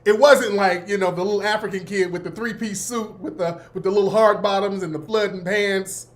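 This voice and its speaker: Male host in his fifties, high voice, laid-back slangy storyteller who laughs a lot. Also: fairly even intonation, brisk. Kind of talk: casual storytelling.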